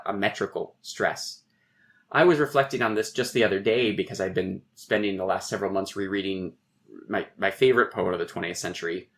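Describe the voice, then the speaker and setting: Middle-aged guy w/ lowish voice, lecturing on a podcast, lots of restarts and ums. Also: fairly bright tone. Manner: professorial, thinking aloud with restarts. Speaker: poet and guest. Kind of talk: podcast interview, explaining.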